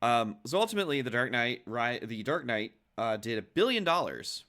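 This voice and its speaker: A man's voice: mid-range voice, very animated, normal speed, pushed and bright. A man co-hosting a casual film podcast, rambling and restarting his phrases as he talks. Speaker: podcast co-host.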